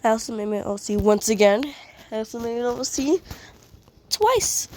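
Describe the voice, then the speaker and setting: A woman's voice: on the high side, little pitch movement, quick pace, warm tone, a little hiss or hum. A woman who has a cold, sniffling as she chats casually and apologetically while showing off her fan art. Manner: apologetic, rambling, giggly. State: sick and sniffly. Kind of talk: casual showcase chat.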